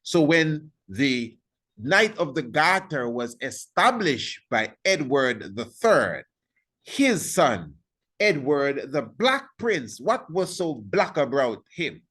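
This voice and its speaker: Man lecturing on history, slow and deliberate, pitch jumping all over, keeps quizzing the listener. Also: a bit bright, husky. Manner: emphatic, repeats points, asks the listener rhetorical questions.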